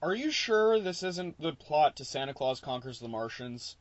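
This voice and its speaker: A man's voice: fairly high pitch, big pitch swings, normal speed, dry recording. A man co-hosting a podcast, reacting wryly and laughing often during casual comedic chat. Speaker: podcast co-host. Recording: dull lo-fi podcast audio.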